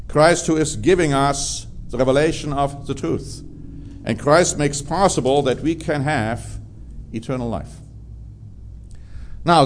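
A man's voice: medium pitch, a little hiss or hum. A man preaching a sermon, drawing out key words for emphasis.

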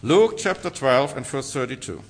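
A man's voice: mid-range voice, lively intonation, normal speed, husky. A man preaching a sermon, reading scripture aloud and pressing his points with rhetorical questions and emphatic answers.

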